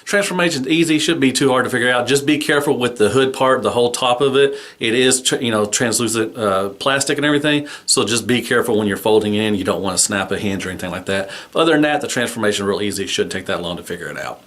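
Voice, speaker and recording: A man's voice: medium pitch, fast, hardly any pauses, fairly bright tone. A man giving a casual toy review in an easygoing, rambling way, full of fillers.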